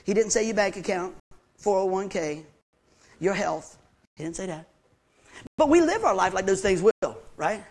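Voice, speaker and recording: A man's voice: high-pitched, moderate pace, long pauses. Folksy preacher man. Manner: folksy, animated, talks to the congregation with questions and laughs. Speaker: pastor. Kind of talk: sermon.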